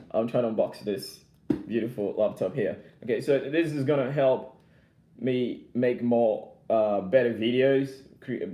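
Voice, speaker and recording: Casual young male vlogger, rambling and chatty, mellow tone, roomy echo. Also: lowish voice. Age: young adult. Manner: chatty, rambling, reads and answers viewer comments; laughs often between remarks. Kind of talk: casual live-chat unboxing.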